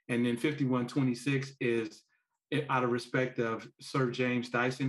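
A man, a parent and author, telling stories as a podcast guest, acting out quoted lines and laughing often. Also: mid-range voice. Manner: animated storyteller who acts out quotes and laughs often. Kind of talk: podcast interview storytelling.

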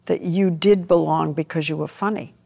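A woman interviewer asks probing questions in a relaxed, conversational way. Her mid-pitched voice has a creaky texture. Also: moderate pace. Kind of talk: broadcast interview.

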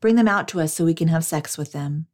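An angry mob of men hurls threats, read by a woman narrating scripture. The tone stays lowish and close to her reading voice. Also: quick pace, a little mellow, natural voice. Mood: hostile. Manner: hostile, threatening.

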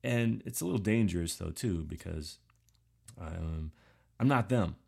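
A podcast host with a very low, gravelly voice delivers a casual solo monologue. He sounds animated yet unhurried and a little mellow, rambling along with self-deprecating humor, lots of fillers, and frequent restarts.

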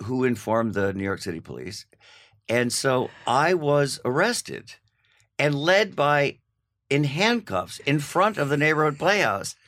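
A man's voice: mid-range voice, measured pace. Older guy spinning a funny story, laughing along, mid voice. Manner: animated anecdote with laughs. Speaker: guest. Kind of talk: casual chat, storytelling.

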